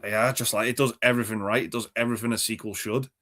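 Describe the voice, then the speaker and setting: A man's voice: mid-range voice, steady tone, quick pace, fairly bright tone. A man co-hosting a casual podcast chat, easygoing and agreeable, often saying yeah.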